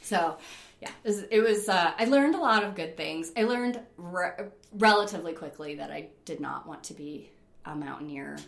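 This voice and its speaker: A middle-aged woman from upstate New York telling stories in a casual interview, animated, laughing often and using lots of fillers. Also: on the low side, normal speed, gravelly, reverberant. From Rochester, New York. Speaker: interview guest, rock climber.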